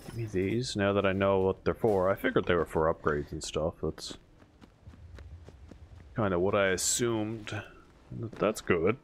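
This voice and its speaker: A man giving casual commentary while playing a video game, swearing often and bursting into frustrated yells. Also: sits low, moderate pace, long pauses, a little hiss or hum. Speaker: let's play gamer. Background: game music.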